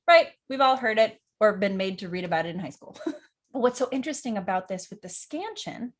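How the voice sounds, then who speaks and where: A woman's voice: medium pitch, animated, brisk. A young adult woman, an acting teacher and director, chatting enthusiastically about favorite lines and acting them out. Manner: enthusiastic, acts out quotes, nerdy about verse. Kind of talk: casual educational vlog.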